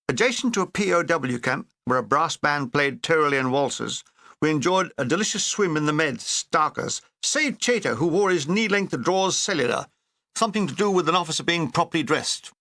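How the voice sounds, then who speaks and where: A man's voice: fairly high pitch, expressive, normal speed, gravelly, bright, forceful tone, dry recording. A man reading a wartime memoir aloud in a dry, wry comic manner. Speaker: narrator.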